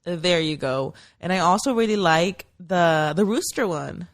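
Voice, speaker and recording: A woman in her thirties co-hosting a podcast, chatting casually in a gushing, excitable way and swearing now and then. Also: lowish voice, a little slow. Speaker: podcast co-host. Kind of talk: casual chat.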